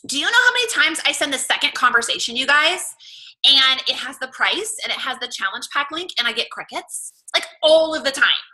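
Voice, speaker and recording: A woman's voice: high voice, animated, brisk, sharp tone, poor audio. A woman in her thirties with a Southern US accent, chatting casually and gushing as she coaches her fitness team. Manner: gushing, chatty, lots of "oh my gosh" and "like".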